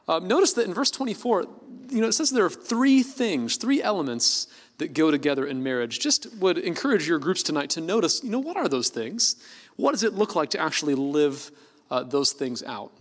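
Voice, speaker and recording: Male pastor, easygoing sermon delivery, expressive intonation, recorded in a reverberant church hall. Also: a little high. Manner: conversational, lively preaching with light laughs and self-corrections.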